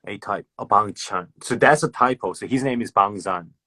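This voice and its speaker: A man's voice: fairly low pitch, moderate pace, bright, forceful tone, dry recording. A man with an Australian accent chatting casually with fans on a livestream, swearing freely, laughing and repeating himself as he talks. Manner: loose and profane, laughing, repeats words. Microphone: phone.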